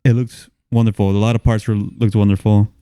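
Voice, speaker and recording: A man co-hosting a casual movie review podcast, laid-back and quick to agree. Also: on the low side, little pitch movement, warm tone, clear, resonant tone, dry recording, clean studio sound. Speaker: podcast co-host.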